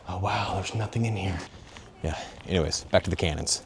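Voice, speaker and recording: A young man filming a casual walking travel vlog, talking straight to viewers in a joking, excitable way with plenty of swearing, out of breath as he goes. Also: low-pitched, brisk, very noisy. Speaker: travel vlogger. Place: outdoors and in stone tunnels of a sea fortress. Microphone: phone on a selfie stick.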